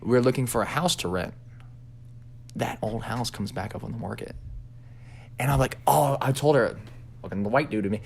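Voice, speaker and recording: A young man casually telling a personal story as a podcast co-host, animated and swearing, acting out his own reactions. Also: medium pitch, normal speed, creaky, pauses often, a little hiss or hum.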